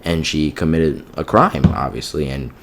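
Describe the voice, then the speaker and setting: A man with a deep voice delivers a rambling spoken rant about a show. He swears often and keeps checking in with "you know what I mean", sounding fed up throughout. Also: unhurried, vocal fry, soft background music. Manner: profane and exasperated, heavy use of "like" and "you know what I mean". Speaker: TV show reviewer. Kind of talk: casual ranting review.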